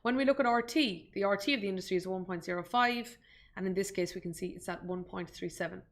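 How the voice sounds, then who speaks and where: A woman's voice: mid-range voice, fast. An Irish woman giving a live stock market webinar, chatty and self-deprecating, breaking off with asides to her viewers. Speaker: investment webinar presenter. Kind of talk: live screen-share stock tutorial.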